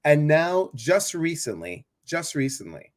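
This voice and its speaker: A man's voice: fairly high pitch, big pitch swings, a little slow. A man hosting a casual interview, chatty and rambling, with many fillers and restarts. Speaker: host.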